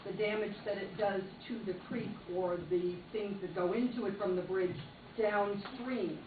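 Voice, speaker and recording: A woman's voice: mid-range voice, steady tone, a little slow. Woman asking questions in an echoey hall. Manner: questioning, thinking aloud. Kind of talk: question at a public meeting. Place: township meeting room. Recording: distant, echoey, tinny, noisy.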